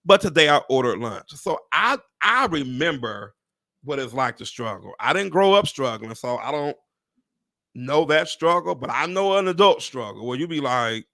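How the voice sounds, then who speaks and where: A man telling animated, profane stories to live viewers, with preacher-like exclamations. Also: fairly high pitch, moderate pace, no echo, clean studio sound. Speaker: real estate agent hosting a live stream. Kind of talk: casual storytelling to live viewers.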